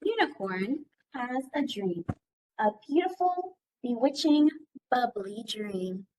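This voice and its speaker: A young woman librarian reading a rhyming picture book aloud to little children. Her voice sits high, and she reads slowly and sing-song, pausing to ask the children questions. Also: very animated, warm tone, slight background noise, poor audio.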